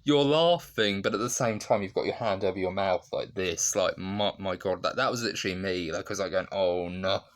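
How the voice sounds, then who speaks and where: Deep-voiced man reviewing a sitcom. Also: fairly even intonation, fast, hardly any pauses, fairly bright tone. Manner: chatty, with frequent fillers and restarts, laughing while retelling scenes. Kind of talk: casual spoken review.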